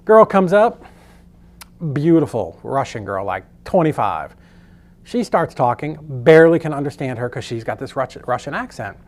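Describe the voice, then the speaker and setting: A man's voice: mid-range voice, sing-song, normal speed. A middle-aged man teaching a real estate course in a casual storytelling way, loose and chatty, with frequent swearing.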